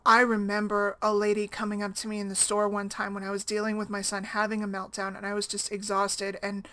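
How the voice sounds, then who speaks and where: A woman's voice: medium pitch, bright, forceful tone. A woman talking casually to camera as a single-mom blogger, rambling and conversational, often tagging on "right?".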